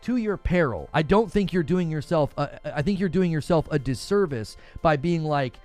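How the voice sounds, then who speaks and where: A man hosting a gaming show from home, chatting live with viewers in an animated, incredulous, rambling way. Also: fairly high pitch, normal speed, faint music behind. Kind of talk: live-stream chat answering viewers.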